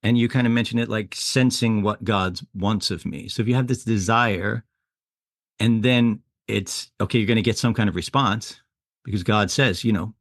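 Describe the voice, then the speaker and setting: Man, podcast co-host, lowish voice, dry close mic, thoughtful explaining. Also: moderate pace, no room sound. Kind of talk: casual conversational podcast talk.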